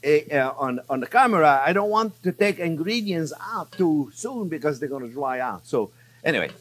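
A chef hosts a cooking show in his kitchen, giving a demonstration and talking to viewers like friends in an animated, enthusiastic way. His voice is a little high at a normal speed, with a bit of hiss or hum in the recording.

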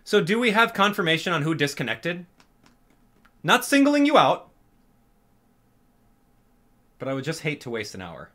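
Exasperated man doing lively game commentary. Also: on the high side, brisk. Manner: exasperated, animated, talks straight to viewers. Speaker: gaming channel host.

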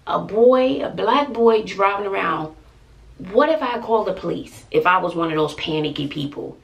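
Exasperated Texan mom with a gravelly voice. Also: female voice, mid-range voice, lively intonation, normal speed, distant mic, dull audio. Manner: exasperated, emphatic storytelling. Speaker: family vlogger. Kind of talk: venting to camera.

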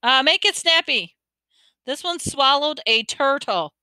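A woman putting on a brisk, joking ambulance attendant in a storybook reading. The voice sits raised, bright and clear. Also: on the high side, animated, dry recording.

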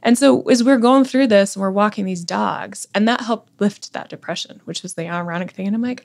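A woman in her forties, a podcast guest, talking earnestly and candidly in a personal conversation, often dropping to a hushed low voice. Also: brisk, gravelly, hardly any pauses.

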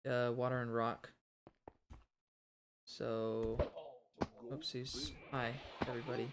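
A man's voice: mid-range voice, level tone, measured pace, pauses often. Man, gaming commentary, exasperated muttering, noisy recording, keyboard clicking. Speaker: let's play host. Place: home, late at night.

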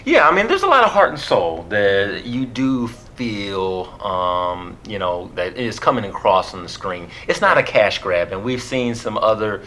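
A man's voice: fairly low pitch, very animated, measured pace, hardly any pauses, bright, forceful tone, a little hiss or hum. A man co-hosting a movie review, chatting casually, joking and laughing often.

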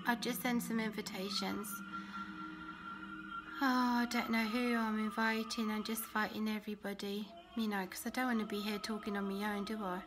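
A woman chatting casually to viewers on a live phone video from home, emotional and quick to laugh, a little out of breath. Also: fairly high pitch. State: slightly out of breath. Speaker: Christian vlogger.

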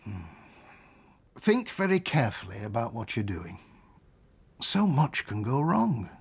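An actor playing a weary, dry-witted divorce solicitor, who speaks in a measured, formal way and narrates. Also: male voice, mid-range voice, very animated, vocal fry, breathy edge, full character voice. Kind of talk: radio drama with narration.

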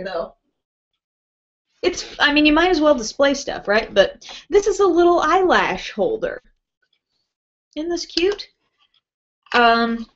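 Woman chatting on a beauty livestream at home, kinda high voice, lots of ums, muffled lo-fi audio. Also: a bit bright. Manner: chatty, reads viewer comments aloud, frequent ums and laughs. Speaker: beauty live-stream host. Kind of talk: casual live-stream chat. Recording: dull lo-fi webcast audio.

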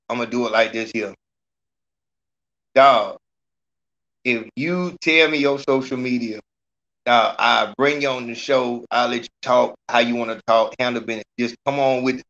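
Brief: male podcast host, fiery, profane, bright voice, muffled stream sound. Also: medium pitch. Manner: profane, ranting, challenging a chat commenter. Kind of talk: heated call-in podcast talk.

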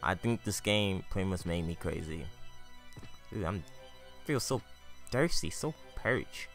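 A man giving casual, animated commentary on his gameplay, joking and trash-talking the enemies. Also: low-pitched, unhurried, pauses often, music in the background. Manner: animated, trash-talks enemies, jokey asides. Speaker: let's play commentator.

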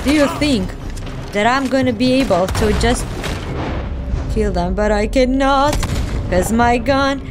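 A woman streaming a video game, reacting in an excitable way, laughing, swearing and calling viewers bro. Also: fairly high pitch, measured pace, long pauses, background noise. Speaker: gaming streamer. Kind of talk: live game reaction commentary. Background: game music.

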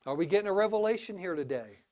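A man preaching a sermon in a church, animated, with sudden rises to exclamations, drops to low asides, and frequent restarts. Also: fast. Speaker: pastor.

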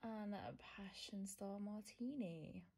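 Young woman, husky, medium pitch, chatty vlogger who half-whispers a lot. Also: animated, slow pace, dark tone. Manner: chatty, lots of fillers, often half-whispered. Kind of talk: casual vlog chat.

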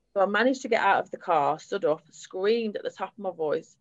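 A woman's voice: medium pitch, a little fast, few pauses, no echo, highs cut off. A woman, candidly retelling her own experience at a public event. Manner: candid, steady retelling with fillers. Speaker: survivor sharing her story. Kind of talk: personal testimony at a public event.

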